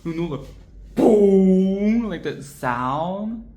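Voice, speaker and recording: A woman's voice: low voice, animated, unhurried, echoey room. A young woman casually reviewing a film, emphatic and profane, often tagging "okay?".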